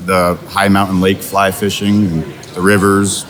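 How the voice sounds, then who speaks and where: A man chatting as a guest on an interview, relaxed and rambling with fillers and restarts. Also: low-pitched, measured pace. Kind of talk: casual interview chat.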